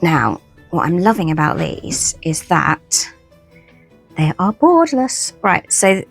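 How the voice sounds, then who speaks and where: This tarot haul comes from a woman who rambles, keeps restarting her sentences, and jokes at her own expense while presenting her new decks. Her fairly low voice is creaky and very animated, and she talks slowly. Soft music plays underneath.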